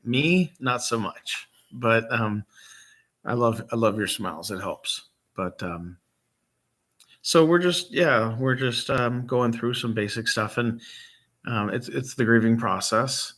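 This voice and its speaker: A middle-aged man from Michigan, a grieving father hosting a vlog, talks off the cuff with many pauses and ums, his voice catching as he nears tears. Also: medium pitch, fairly bright tone. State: emotional, near tears. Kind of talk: unscripted casual talk to camera.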